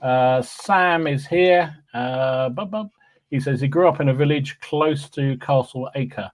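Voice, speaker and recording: A man's voice: mid-range voice, measured pace. Chatty man hosting a podcast. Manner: chatty, cheerful, with frequent ums and restarts. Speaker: podcast host. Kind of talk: casual chat, reading out live chat greetings.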